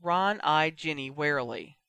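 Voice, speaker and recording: A man narrating a fan fiction audiobook in a steady, expressive storytelling manner. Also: fairly high pitch, a little slow, clear, resonant tone, no room sound. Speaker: reader.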